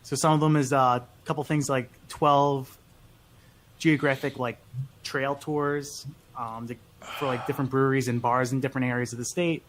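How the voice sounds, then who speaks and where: A man in casual podcast conversation, middle-pitched and unhurried. He relays bits of news with small pauses and fillers. His tone stays plain and matter-of-fact. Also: level tone, a little hiss or hum. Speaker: podcast co-host.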